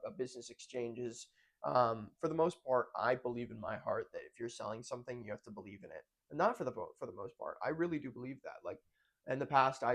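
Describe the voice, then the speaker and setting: A man's voice: mid-range voice, creaky. A young man talking through a casual check-in on his own, rambling and correcting himself as he goes. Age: young adult. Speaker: vlogger.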